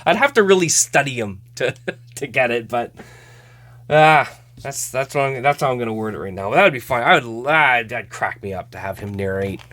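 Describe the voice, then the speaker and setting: A man's voice: medium pitch, animated, moderate pace, bright, forceful tone. A man hosting a casual card-opening show, chatting, laughing often and stumbling over names. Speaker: host.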